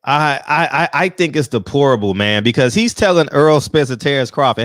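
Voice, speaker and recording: Guy going off on a rant, lots of rhetorical questions, bouncy pitch, dry mic. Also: animated, brisk, hardly any pauses, fairly bright tone, no room sound. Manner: ranting, fired up, rhetorical questions. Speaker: boxing commentary host. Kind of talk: heated opinion commentary.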